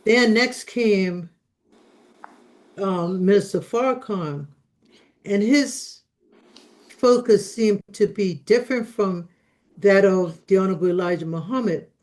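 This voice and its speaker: A woman's voice: mid-range voice, takes it slowly, long pauses, darkish tone, rough recording. A woman in a religious study group, earnestly explaining her reasoning step by step in a casual discussion.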